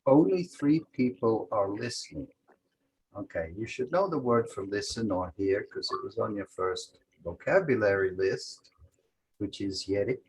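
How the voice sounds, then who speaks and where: A man's voice: on the low side, lively intonation, unhurried, slightly rough, low-quality recording. A man teaching a language lesson over a video call, methodically walking through example sentences step by step.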